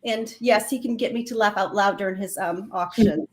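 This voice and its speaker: A woman's voice: medium pitch, steady tone, moderate pace. A woman co-hosting a casual livestream chat from home, talkative and teasing, often breaking into laughter. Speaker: co-host.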